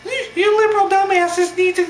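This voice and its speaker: A man voicing a belligerent, childish grown man with a squeaky Muppet-like voice, whining the same taunts over and over. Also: steady tone, normal speed, reverberant, slight background noise. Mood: taunting. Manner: shrill, whiny, repeats taunts.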